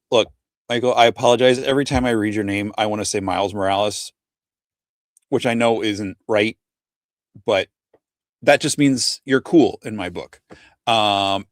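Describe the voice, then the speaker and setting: A man's voice: lowish voice, no room sound, clean studio sound. A man in his forties hosting a casual livestream chat, rambling and self-deprecating, tripping over names as he reads them out. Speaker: podcast host.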